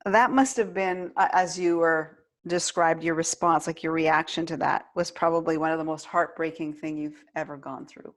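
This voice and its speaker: A woman hosting an interview, gently prompting her guest. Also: sits low, fairly even intonation, normal speed, few pauses. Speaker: interview host.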